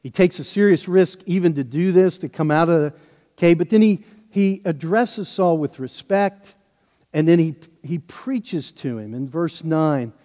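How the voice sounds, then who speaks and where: A man's voice: on the high side, unhurried, warm tone. A man preaching a sermon, walking through a Bible passage with self-deprecating asides. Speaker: pastor. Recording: long hall reverb.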